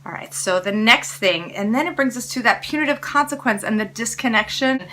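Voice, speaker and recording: A woman's voice: a little high, fairly quick, sharp tone, slight background noise. A woman hosting parenting tips, speaking casually and encouragingly straight to her viewers. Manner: encouraging, coaching tone addressing viewers directly. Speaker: parenting educator and host. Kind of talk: casual spoken tips to camera.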